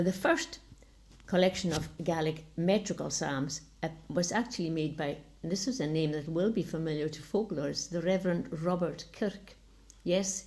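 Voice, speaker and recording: A woman with a Scottish Highland accent giving an online academic talk over a video call, measured and explanatory, sometimes restarting a word. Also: darkish tone. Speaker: lecturer.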